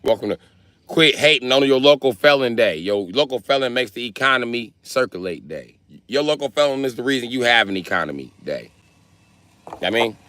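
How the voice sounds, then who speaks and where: A man from the Milwaukee area doing a comedic livestream rant, profane and animated as he tells stories. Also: mid-range voice, a little fast, dry recording. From Milwaukee area, United States.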